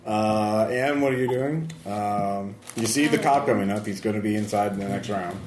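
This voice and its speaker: A man running a tabletop game as game master, brisk and prompting his players, often laughing. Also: fairly low pitch, darkish tone, slight background noise. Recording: roomy table recording.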